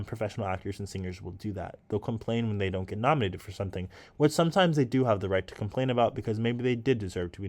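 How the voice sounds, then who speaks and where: A man talking casually and thoughtfully to his viewers while he paints, musing and encouraging himself. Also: fairly low pitch. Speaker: artist and vlogger.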